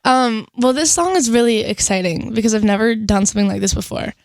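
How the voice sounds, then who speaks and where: A woman's voice: fairly high pitch, a little fast, no echo, studio quality. A young woman, a singer guest, chatting casually in a radio interview, bubbly and full of "like". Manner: bubbly, lots of "like" and laughter.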